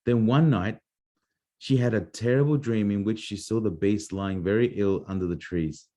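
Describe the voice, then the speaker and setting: A man's voice: lowish voice, normal speed, mellow. A man reading a fairy tale aloud to his child as a bedtime story, playful and adding little asides.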